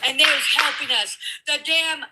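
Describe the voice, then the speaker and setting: A woman's voice: high voice, fairly even intonation, normal speed, heavy background noise. A woman in a heated political argument, ranting with lots of profanity. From California.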